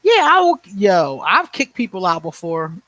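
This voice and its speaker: A man in his forties, his voice pitched high, chats on a livestream in a blunt, profane way, laughing often and thanking viewers by name. The sound is dry and close, with no room echo. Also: big pitch swings, moderate pace, a bit bright. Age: 40s. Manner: answers viewer comments by name. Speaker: livestream host. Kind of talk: casual livestream chat.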